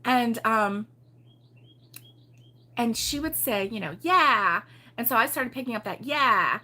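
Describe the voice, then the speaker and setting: A woman's voice: on the high side, measured pace, pushed and bright. An older woman from Baltimore hosting a casual crochet livestream, chatty and giggly, rambling with lots of ums. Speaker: crochet show host.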